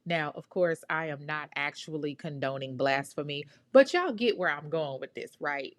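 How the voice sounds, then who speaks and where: A woman's voice: sits low, sing-song, normal speed, hardly any pauses, no room sound. Profane blunt woman telling true crime. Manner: blunt, profane, emphatic asides. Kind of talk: casual true crime storytelling.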